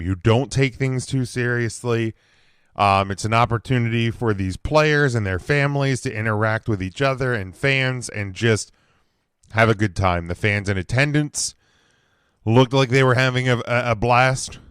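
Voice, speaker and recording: A man's voice: lowish voice, fairly bright tone, smooth, no echo, studio quality. Rambling man with a scratchy throat. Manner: rambling, lots of fillers and restarts, gets emphatic. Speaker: podcast host. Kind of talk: casual solo podcast commentary.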